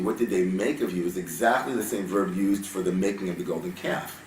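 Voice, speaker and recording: A man giving a Torah study sermon, reading Hebrew verses and then explaining them in animated, casual English. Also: low-pitched, brisk, hardly any pauses, a little hiss or hum. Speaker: rabbi teaching Torah. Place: synagogue sanctuary. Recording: roomy sound from a distance with faint ambience.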